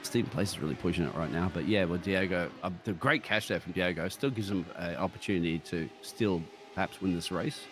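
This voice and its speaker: An Australian man commenting on a sim racing broadcast, joking and laughing often, with excitable jumps in pitch. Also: brisk, few pauses, background noise. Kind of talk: live race commentary banter.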